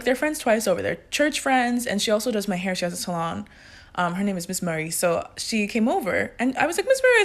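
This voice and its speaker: Chatty woman telling a storytime. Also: mid-range voice. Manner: chatty, animated, laughing asides. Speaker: TikTok storyteller. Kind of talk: casual storytime.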